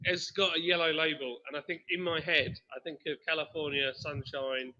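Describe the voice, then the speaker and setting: Jokey brewery host on a live stream, bright and lively, dull lo-fi sound. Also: male voice, on the high side, moderate pace, a little hiss or hum. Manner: jokey, animated, reads comments aloud. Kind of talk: casual live-stream chat.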